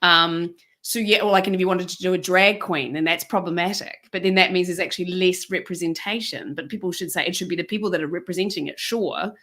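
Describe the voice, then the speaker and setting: A woman, a stage performer co-hosting a casual chat, talking quickly and animatedly with many fillers. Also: fairly low pitch, fairly even intonation, a bit bright. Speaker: actor and podcast co-host.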